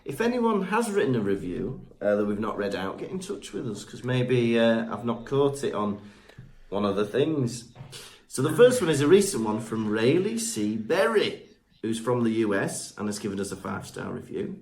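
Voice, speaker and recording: With big pitch swings in a slightly mellow mid-range voice, a podcast co-host reads listener reviews at a moderate pace. Speaking into a remote mic, he's chatty, uses fillers and stumbles over names.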